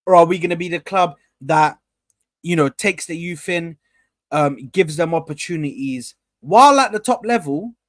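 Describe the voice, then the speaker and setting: A man's voice: on the high side, moderate pace, no room sound, clean studio sound. Rambling young man hosting a live stream. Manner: rambling, repeats himself, shouts out viewers. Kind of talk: casual live chat.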